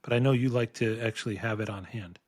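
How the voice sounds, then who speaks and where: Relaxed man chatting over a beer. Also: on the low side, fast talker, no room sound. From Minnesota. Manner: relaxed, rambling with fillers and restarts. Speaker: podcast co-host. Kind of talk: casual beer-tasting chat. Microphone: podcast microphone.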